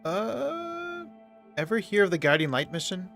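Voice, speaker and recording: A man's voice: high-pitched, big pitch swings, measured pace, creaky, a bit bright, soft background music. Casual male streamer reading game text. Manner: casual, reads narration aloud, talks to himself. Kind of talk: let's play commentary and reading game text. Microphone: desk mic on an arm.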